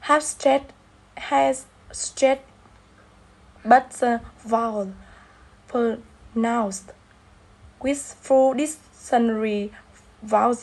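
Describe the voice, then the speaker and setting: A young woman reading a class presentation slowly, with halting restarts. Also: on the high side, steady tone, darkish tone, low-quality recording. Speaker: student presenter.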